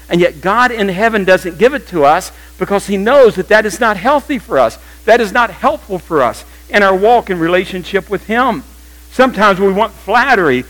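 An older man preaches to his congregation in a church. He is animated and humorous, and his voice sits somewhat high for a man. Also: brisk, rough recording. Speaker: pastor. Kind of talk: sermon.

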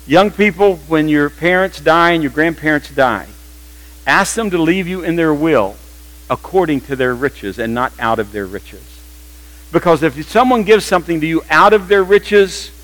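An older man preaching a sermon in a church, animated and humorous, slipping into playful quoted voices. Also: a little high, low-quality recording. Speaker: pastor.

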